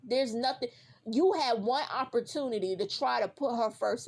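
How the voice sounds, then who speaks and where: Her voice on the higher side and her pace moderate, this woman vlogger delivers a profane, fired-up reaction rant. She addresses the character head-on, hammering points by saying them again.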